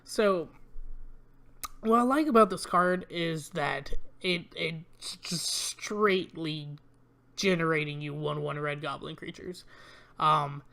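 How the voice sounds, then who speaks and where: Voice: mid-range voice, takes it slowly, gravelly, pushed and bright. A channel host reviewing new trading card spoilers in a casual, rambling way, with many ums and uhs, reading card text aloud and grumbling about weak cards.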